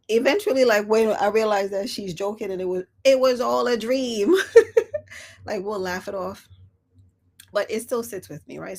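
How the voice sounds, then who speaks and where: A woman hosts a quiet live reflection, talking in a gentle, unhurried way. Her voice sits a little low and has a gravelly edge of vocal fry. Small laughs come between her thoughts. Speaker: host.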